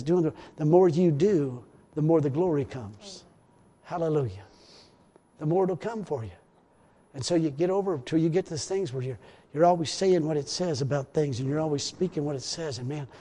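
A man's voice: fairly high pitch, warm tone, long reverb tail. A man preaching a rambling, repetitive sermon in a church, full of hallelujahs. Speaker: pastor.

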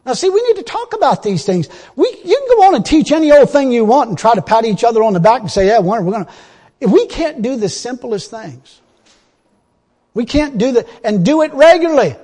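A male preacher with a high-pitched, slightly husky voice delivers a sermon in plain, folksy grammar. He swings from loud, pressing exhortation to quiet, confiding asides. His voice carries the long reverb of a church hall. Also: very animated, a little fast.

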